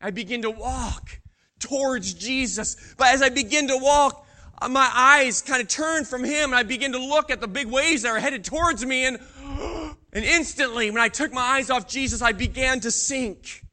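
A man acting out the apostle Peter as a bold, proud fisherman, telling his story in a first-person Bible monologue that swings between hushed awe and loud boasting. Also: extremely high pitch, normal speed, full character voice. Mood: storytelling, urgent. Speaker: preacher in character.

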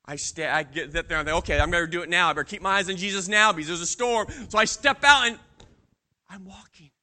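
A preacher in character plays the apostle Peter as a bold, proud fisherman, telling his story in a first-person Bible monologue. His high, fast voice carries an urgent storytelling mood, swinging between hushed awe and loud boasting.

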